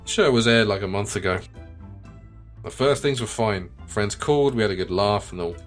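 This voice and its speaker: A bitter, self-pitying middle-aged farmer from a video game, a widower who talks in a plain, resentful and defensive way, as a man reads his lines aloud. The voice sits fairly low. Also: moderate pace, faint music behind, natural voice. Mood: aggrieved.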